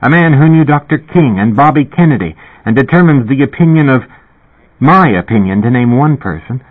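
A man reading an audiobook, voicing a shocked young woman friend who exclaims in disbelief, with a husky, raised voice on a tinny recording. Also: mid-range voice, lively intonation, brisk, voice pushed up, lightly acted. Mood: indignant. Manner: incredulous, exclaiming.

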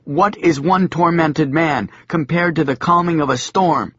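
A man's voice: on the high side, measured pace, sharp tone, slightly rough, dry recording, highs cut off, pitched above the performer's own voice, heavily acted. A man voicing an eager, earnest young disciple in an audiobook, speaking in a preachy way. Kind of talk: audiobook character voice.

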